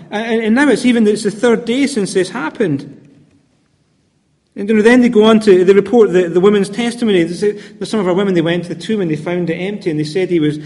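High-voiced man preaching in a reverberant hall. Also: fairly quick, darkish tone. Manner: conversational, hesitant with fillers and repeats. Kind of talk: sermon.

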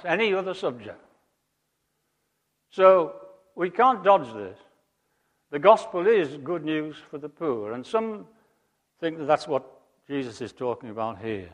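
A man preaching a sermon, emphatic, rising to loud high peaks and dropping to quiet asides. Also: expressive, measured pace, long pauses. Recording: long hall reverb.

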